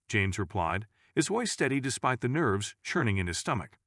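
A man reading a scripted story in a measured, even storytelling manner. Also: on the low side, no echo, clean studio sound. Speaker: narrator.

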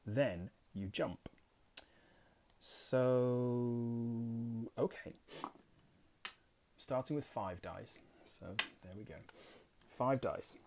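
A man's voice: mid-range voice, slow, pauses often, darkish tone. A young Englishman hosting a board game channel, reading rules aloud and chatting casually about his solo play in a self-deprecating way. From England. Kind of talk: casual solo gameplay commentary.

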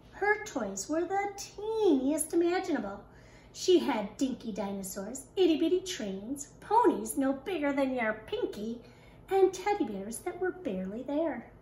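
High, expressive woman reading aloud. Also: unhurried. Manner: expressive, animated storytelling. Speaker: kindergarten teacher. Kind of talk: reading a picture book aloud. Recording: echoey room.

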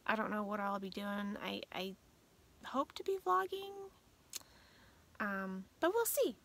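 A woman's voice: mid-range voice, sing-song, unhurried, gravelly, a bit bright. A woman in her late forties chatting casually to her vlog audience in a rambling way, sometimes dropping to a whisper. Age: 40s. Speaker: vlogger.

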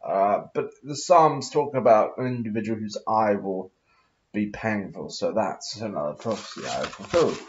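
A man's voice: lowish voice, normal speed, slight background noise. A man rambling through a solo monologue in a put-on posh accent, reading verses aloud, adding loose comments and humming to himself. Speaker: vlogger. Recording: dull lo-fi recording.

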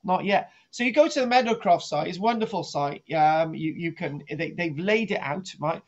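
Brief: middle-aged male archaeologist on a live stream, high voice, jokey and rambling, muffled lo-fi sound. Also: moderate pace. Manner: jokey, rambling, restarts sentences, teases his co-host. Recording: dull lo-fi home stream audio.

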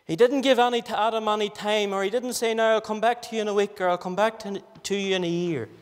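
A man preaching with earnest, pleading insistence, pressing the same questions again and again. His voice sits high. The sound carries a long reverb from a church hall. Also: steady tone, fast talker. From Northern Ireland. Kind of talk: gospel sermon.

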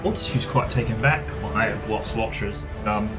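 A man's voice: on the low side, moderate pace. A man playing a tabletop role-playing game, joking and laughing with the group. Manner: playful, laughing. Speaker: player. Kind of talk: tabletop role-play chat. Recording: loud music bed under voices.

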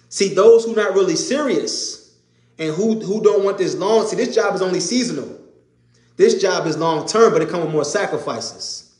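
Man, preacher, emphatic informal sermon, high-pitched, roomy echo. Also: expressive, normal speed, a little mellow. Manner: emphatic, repetitive, conversational street preaching. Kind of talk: informal sermon to a live audience.

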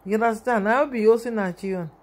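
A woman's voice: fairly high pitch, fast talker, a little mellow. A woman with a Nigerian accent giving an emotional, rambling vlog commentary on a video, often calling out to her viewers.

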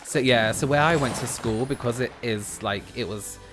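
A man's voice: mid-range voice, moderate pace, over music. A man with a southern English accent, chatting casually with his livestream audience, full of restarts and giggles. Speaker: gaming streamer reading chat.

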